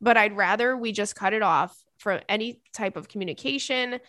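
This young woman's podcast mixes casual chatter with ad reads and listener notes, delivered in a giggly way heavy on "like." Her mid-range, fairly bright voice keeps a moderate pace in a dry, studio-quality recording.

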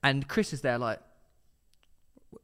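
A young man, co-hosting a casual podcast and telling animated stories with quick restarts. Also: mid-range voice. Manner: fast, animated storytelling with restarts and put-on voices. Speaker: podcast co-host. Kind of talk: casual chat, storytelling.

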